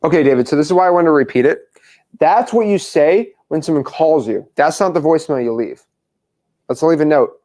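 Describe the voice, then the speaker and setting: Young male coach, slightly high voice, drills a caller line by line, insistent. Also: lively intonation, dark tone. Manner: pushy, repeats lines slowly word by word for the caller. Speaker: wholesaling coach. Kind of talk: live coaching call.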